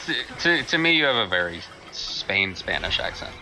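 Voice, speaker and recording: A man chatting easily on a game stream who now and then drops into quick accent imitations. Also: lowish voice, big pitch swings, music in the background. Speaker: stream co-host. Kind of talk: casual chat on a game stream.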